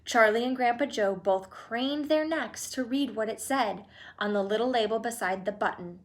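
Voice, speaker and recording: A woman narrating a children's storybook aloud in a lively, expressive manner. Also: a little high, normal speed. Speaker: audiobook reader.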